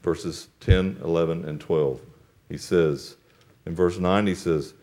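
A man delivers a church sermon, reading scripture in a measured, solemn cadence before explaining it in plain speech. His delivery swings widely, climbing to loud, emphatic peaks and then dropping to soft, low-voiced asides to the congregation. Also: fairly even intonation. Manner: reads scripture in solemn King James cadence. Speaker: pastor.

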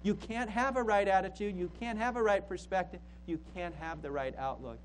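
A man's voice: high voice, fairly quick, slight background noise, rough recording. A man preaching a sermon as a pastor, emphatic and repeating key phrases for stress.

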